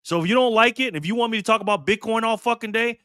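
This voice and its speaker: A man in his fifties rants to camera with a high, bright, forceful voice, swearing freely and pressing his points hard. The sound is dry and close. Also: very fast, clean tone, no room sound. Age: 50s. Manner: heated, profane, emphatic, preachy. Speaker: channel host. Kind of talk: direct-to-camera vlog rant.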